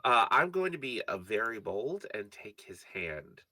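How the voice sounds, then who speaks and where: A man's voice: lowish voice, very animated, measured pace, pushed and bright, no room sound. A man playing a tabletop game, casually describing his character's actions with fillers. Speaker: player.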